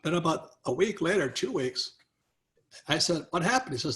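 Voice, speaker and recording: An older man with a bright, forceful voice sitting higher than most men's, spinning an anecdote for an interviewer. He slips into other people's voices as he quotes them and chuckles along the way. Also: normal speed. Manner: animated storyteller, acts out quoted people, chuckles often. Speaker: interview guest, author. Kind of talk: storytelling in a conversational interview.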